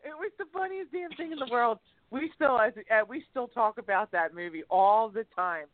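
A woman co-hosting a casual radio chat, telling animated stories full of exclamations and laughter. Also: fairly high pitch, moderate pace, dry recording. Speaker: co-host. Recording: tinny phone-like line, dry.

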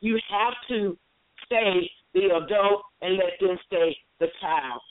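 A woman in her fifties calling into a talk show, telling a family story with lively acted-out dialogue. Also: medium pitch, slow, dry recording. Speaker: caller. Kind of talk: call-in storytelling. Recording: tinny phone line.

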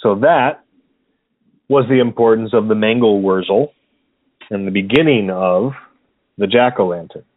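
A man with a fairly low voice talks slowly, leaving long pauses. He co-hosts a podcast in a casual chat, easygoing but hesitant and full of ums and fillers. The recording is dry and narrow, like a phone line.

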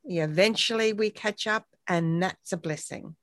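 A woman's voice: mid-range voice, moderate pace, dry recording, clean studio sound. A woman, chatting reflectively and telling personal stories with quoted dialogue. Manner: warm, reflective storytelling with acted quotes. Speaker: guest on a support talk show. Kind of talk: casual conversational chat.

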